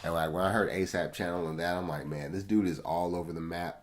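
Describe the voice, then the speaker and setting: A man's voice: deep voice, steady tone, fast talker. A man casually reviewing an album track by track, talking in slangy, laid-back fashion straight to his viewers. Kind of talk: casual music review commentary. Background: faint music.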